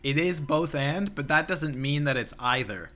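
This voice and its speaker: A man's voice: on the high side, normal speed, pushed and bright. A young man co-hosting a podcast outdoors, thinking aloud in a casual philosophical conversation with many restarts and fillers. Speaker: podcast co-host. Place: outdoors near a playground.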